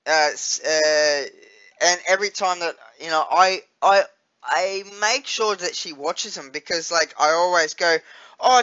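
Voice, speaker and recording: A man's voice: sits high, sharp tone, lo-fi sound. A young Australian man chatting casually in a vlog, rambling with lots of fillers and restarts and swearing freely. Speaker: vlogger.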